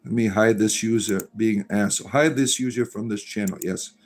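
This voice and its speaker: A man's voice: lowish voice, moderate pace. A middle-aged man hosting a casual livestream, reading viewer comments aloud and rambling with many fillers. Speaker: livestream host reading chat.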